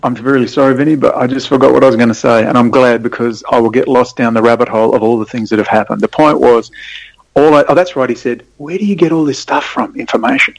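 A man rambling through his stories, prone to sudden excited bursts. His voice has a gravelly fry and sounds close and dry, with almost no room around it. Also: medium pitch, quick pace, dry recording, low-quality recording. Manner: rambling, excitable storytelling with sudden animated spikes. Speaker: podcast guest. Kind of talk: casual conversation.

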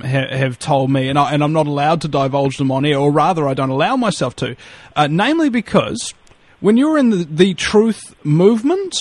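A man with a New Zealand accent rambles and jokes on a radio chat, swearing freely and stumbling over restarts. His voice sits a little high for a man. The sound is close and dry, with no room around it. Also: no echo. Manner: rambling, profane, joking, many restarts. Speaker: radio guest.

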